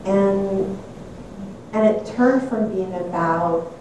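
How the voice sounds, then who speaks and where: Speaking slowly with a steady, mellow tone at medium pitch, an older woman recounts something from her own life. She's reflective and frank, frequently chuckling at her own expense, while a distant mic in a reverberant room picks up faint hiss.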